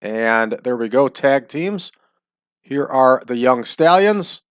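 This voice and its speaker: A man's voice: mid-range voice, lively intonation, clear, resonant tone, no room sound, clean studio sound. Chatty man hosting a wrestling sim. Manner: chatty, drawn-out hype calls. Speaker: wrestling sim game host. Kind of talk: casual game commentary.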